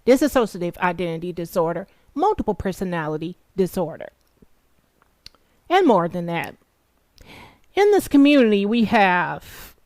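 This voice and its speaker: A woman delivering an angry, profane vlog monologue, swinging from low mutters to shouted taunts. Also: no room sound. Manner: sarcastic taunting, emphatic repetition. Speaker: political commentary vlogger.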